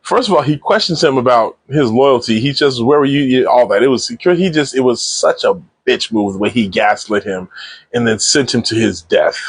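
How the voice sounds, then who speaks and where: A man casually recapping and reviewing a TV episode in slangy, animated speech, acting out the characters' lines. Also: mid-range voice, normal speed, slightly rough, no room sound. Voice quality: animated slangy retelling with acted-out quotes. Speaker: TV show reviewer.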